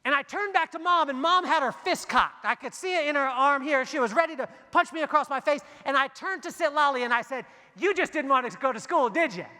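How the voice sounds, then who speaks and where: A man giving a motivational keynote in a large hall, telling stories in a lively, joking way and acting out the dialogue. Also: extremely high pitch, brisk, few pauses. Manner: animated, jokey storytelling with acted-out dialogue. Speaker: keynote speaker. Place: large hall before a big audience. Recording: long hall reverb.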